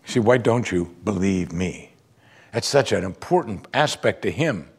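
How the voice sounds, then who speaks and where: Husky male preacher, animated teaching. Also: on the low side, a little slow. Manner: animated Bible teaching with reading and asides. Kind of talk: sermon.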